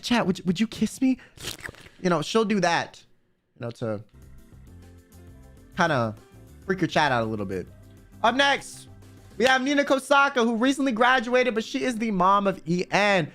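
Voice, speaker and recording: A man's voice: high voice, a bit bright. A young man streamer giving casual, profane commentary, wandering into rambling asides.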